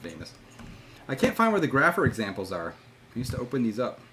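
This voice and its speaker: A male livestream host with a very lively, swooping voice who laughs often and talks to himself while he works. A clear hiss and stray clicks run through the recording. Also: mid-range voice, quick pace. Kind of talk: casual livestream chat. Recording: noisy line with clicks.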